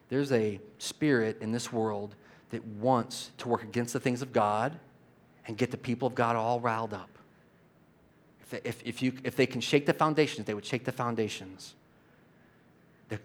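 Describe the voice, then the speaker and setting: A male pastor preaching a sermon, animated, swinging between loud exhortation and quiet asides and laughing often. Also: mid-range voice.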